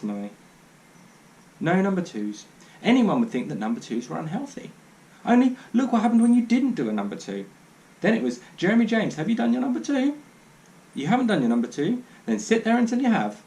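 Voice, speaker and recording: A man's voice: high voice, a little mellow, voice pushed up, exaggerated voice. A man voicing a cheeky, inquisitive little boy who chatters earnestly and insistently.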